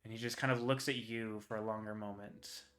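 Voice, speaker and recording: Bright-voiced male game master. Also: lowish voice, steady tone, fairly quick. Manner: rambling, filler-heavy narration. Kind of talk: narrating a tabletop game.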